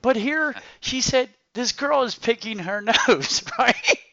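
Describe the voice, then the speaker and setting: A man hosting a casual podcast chat, an animated storyteller who laughs often. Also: very high-pitched, slow pace, creaky, dry recording. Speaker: podcast host. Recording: dry, dull lo-fi sound.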